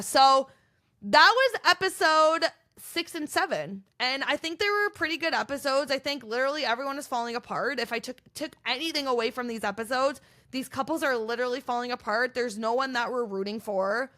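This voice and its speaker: Brief: young female podcast host, high and bright, gossipy casual recap delivery. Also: moderate pace. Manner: animated, gossipy, acts out quoted contestants.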